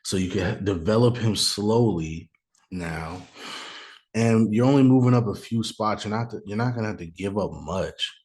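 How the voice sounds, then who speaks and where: A man's voice: lowish voice, moderate pace, darkish tone. A man hosting a show, talking through a mock draft in a casual, think-aloud way, with bursts of joking outrage. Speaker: podcast host doing a mock draft. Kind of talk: casual solo commentary. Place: room at home, noise outside.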